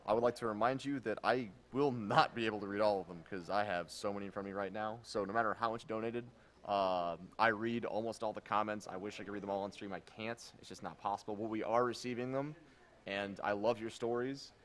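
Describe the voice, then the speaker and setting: A man's voice: fairly low pitch, steady tone, fairly quick, fairly bright tone. A man hosting a charity live stream, reading donation comments aloud in a casual, jokey way.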